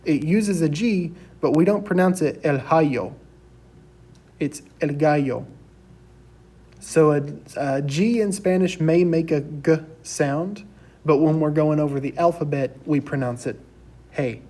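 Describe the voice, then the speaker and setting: A young man teaching a recorded class lecture, saying each word slowly and clearly for students to repeat. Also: a little high, steady tone, warm tone. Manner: slow, deliberate, drills words for repetition.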